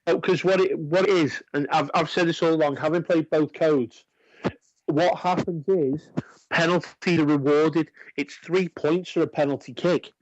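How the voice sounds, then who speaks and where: A man's voice: a little high, steady tone, moderate pace, no echo, muffled recording. A man co-hosting a sports radio show, earnestly arguing his point with many stammering restarts. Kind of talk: casual sports chat. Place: radio studio.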